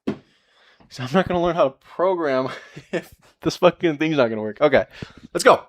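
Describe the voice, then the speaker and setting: A man's voice: a little high, lively intonation, moderate pace, long pauses. A young man live-streaming as he solders at a workbench, chatting casually with his viewers, rambling, swearing and laughing at himself, often turning away from the mic while he works. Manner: talks to chat while working, often turned away from the mic. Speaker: livestreamer.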